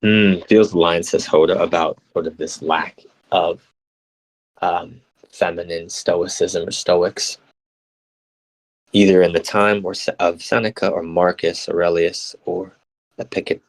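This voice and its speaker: Playful low-voiced man from New Jersey. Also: fairly even intonation, unhurried, poor audio. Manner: playful, rambling, self-mocking, with jokey put-on voices. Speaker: live radio show host. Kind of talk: casual live radio chat reading listener comments.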